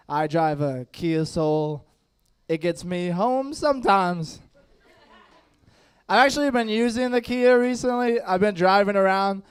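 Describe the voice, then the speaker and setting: A young stand-up comic with a noticeable lisp, working the crowd in a loose, self-mocking way and chuckling at his own lines. His voice sits high for a man and comes across smooth and clear. He is on a stage mic in front of a dining audience. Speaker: stand-up comedian. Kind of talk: stand-up set with crowd work.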